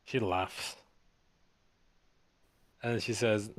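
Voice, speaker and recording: A man's voice: fairly low pitch, fairly even intonation, unhurried, fairly bright tone, no room sound. A man narrating as game master, laid-back, with many fillers.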